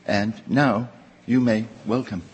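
A man with a low, husky voice delivers a prepared introduction very slowly, measured and wry with dry jokes. The sound carries long reverb from a large lecture hall. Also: steady tone. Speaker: event host introducing a speaker. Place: lecture hall before an audience.

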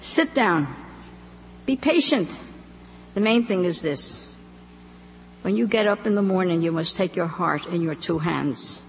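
A woman reading aloud, voicing an aging immigrant father who insistently lectures his daughter with gravelly tenderness. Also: high-pitched, lively intonation, a little slow, long pauses. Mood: lecturing. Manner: earnest, insistent advice-giving. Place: live reading in a hall. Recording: echoey hall, faint hum.

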